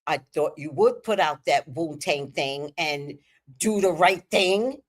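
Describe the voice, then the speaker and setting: A woman host telling a candid personal story on a livestream, animated and profane, swinging between loud emphasis and hushed asides. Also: low-pitched, slow.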